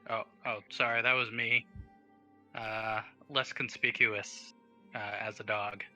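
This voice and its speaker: A man's voice: on the low side, little pitch movement, slow pace, pushed and bright, soft background music, low-quality recording. A man playing a tabletop game, explaining his character's actions in a matter-of-fact way. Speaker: player.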